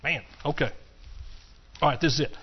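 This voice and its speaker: A male pastor delivering a sermon in church with a folksy, animated delivery that jumps from loud exclamations to quiet, hushed asides. His voice sits a bit high for a man. The recording is dull and lo-fi. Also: moderate pace, slightly rough.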